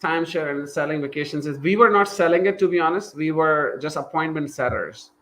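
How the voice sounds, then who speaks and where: A man in his thirties with a Pakistani accent, a company founder telling his story in a casual interview, animated and acting out what people said. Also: fairly high pitch, brisk, a little hiss or hum, low-quality recording. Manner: animated, acts out quoted dialogue, laughs while telling.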